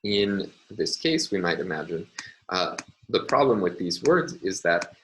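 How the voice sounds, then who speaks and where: A man lecturing on phonology in a measured, explanatory way, pausing often with "uh" and "um". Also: deep voice, sing-song, fairly bright tone, a little hiss or hum, rough recording. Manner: measured, explanatory, with frequent "uh" and "um" pauses. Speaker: university lecturer. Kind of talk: recorded academic lecture.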